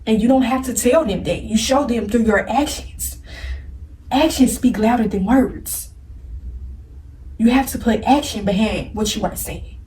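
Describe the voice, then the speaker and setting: A woman's voice: fairly high pitch, a little slow, dark tone, a little hiss or hum. A tearful woman giving blunt spiritual advice straight to her viewers, speaking in with a preachy, repetitive manner. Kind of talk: emotional direct-to-camera advice. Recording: roomy, distant from the mic.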